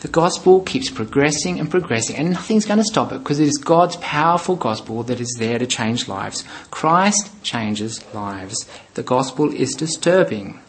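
A man in a mid-range voice preaches with earnest, emphatic conviction. He presses his points firmly, then eases into a soft, quiet tone for the closing prayer. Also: medium pitch, animated, moderate pace, few pauses, rough recording. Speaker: pastor.

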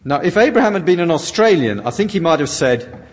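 A man's voice: fairly high pitch, very animated, brisk, husky. A man preaching a sermon that is interpreted line by line, reading his quotations out dramatically. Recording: long reverb of a large hall.

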